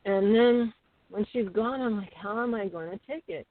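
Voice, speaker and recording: A middle-aged woman tells her stories with a lively, chatty flow, full of fillers and restarts. Her voice comes through thin and phone-like, with no room sound at all. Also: medium pitch, moderate pace, dry recording. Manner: chatty, animated storyteller with many fillers. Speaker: guest. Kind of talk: casual interview storytelling. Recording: tinny phone-like call audio.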